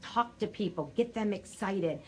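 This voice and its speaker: A sales coach, an older woman, delivers a chatty, energetic live coaching talk directly to her viewers. Her throat sounds scratchy, as if it needs clearing, and she speaks at a medium pitch and a measured pace.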